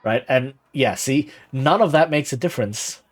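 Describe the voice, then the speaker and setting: A male streamer talks casually over his game, chatty and quick to laugh. His voice sits at an ordinary middle pitch. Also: lively intonation.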